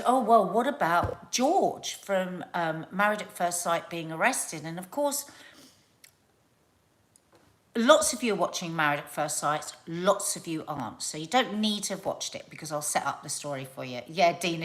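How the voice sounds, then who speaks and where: Chatty South Londoner rambling on a live stream. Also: female voice, fairly low pitch. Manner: chatty, rambling, animated storytelling. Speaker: live show host. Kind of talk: casual live-stream chat.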